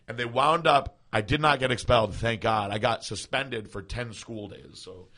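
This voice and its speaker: Animated, swearing man telling a story. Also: medium pitch, normal speed. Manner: animated, profane, laughing storyteller. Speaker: podcast co-host. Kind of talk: casual storytelling.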